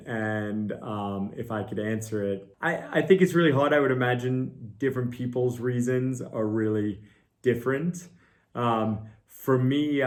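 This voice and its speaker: A middle-aged man, a mountain guide, answering viewer questions in a casual, earnest way. He thinks aloud with fillers and pokes fun at himself. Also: on the low side.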